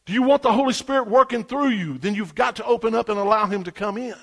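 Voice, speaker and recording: A man preaching a sermon, telling a story with animated swings from hushed asides to loud exclamations. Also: sits high, fast, creaky.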